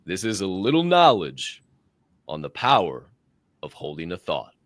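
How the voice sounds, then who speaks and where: A man's voice: sits low, wildly swooping pitch, normal speed, no echo, clean studio sound. A male podcast co-host who talks emphatically, swears freely and laughs while he makes his points. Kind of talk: casual chat.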